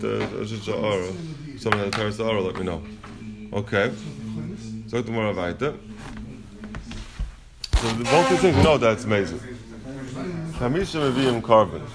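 A man's voice: lowish voice, moderate pace, creaky, long pauses, over a noisy crowd. A man teaching a Talmud study class, reasoning aloud and asking questions, mixing Hebrew and Yiddish terms into his English.

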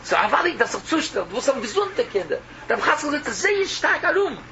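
Heard through muffled, lo-fi audio with background noise, this rabbi's sermon blends English with Yiddish and Hebrew words. His pitch is extremely high and swings widely, and he talks quickly, swinging emotionally and repetitively from cries to murmurs.

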